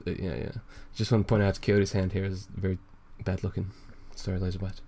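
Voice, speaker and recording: A man's voice: sits low, level tone, a little fast, dark tone. A man co-hosting a podcast in casual comic chat, laughing often and slipping into mock-posh voices. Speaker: podcast co-host.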